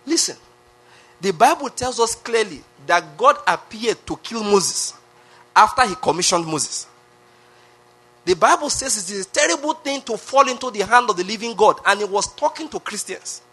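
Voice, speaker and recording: A man's voice: high-pitched, animated, normal speed, a bit bright, slightly rough. A man preaching a sermon, emphatic, with lots of repetition and rhetorical questions. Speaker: pastor.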